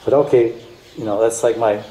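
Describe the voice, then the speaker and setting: A man's voice: mid-range voice, fairly even intonation, normal speed, mellow. A man giving a devotional storytelling lecture as a spiritual teacher, emotive and repetitive, now and then slipping into chanted song. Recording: echoey room, faint background noise.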